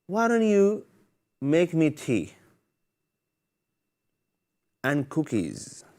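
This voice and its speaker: A man's voice: on the high side, wildly swooping pitch, slow, darkish tone, pitched above the performer's own voice, heavily acted. A man voicing a bossy mother who piles chores on her child, in a demanding tone. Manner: demanding, listing orders.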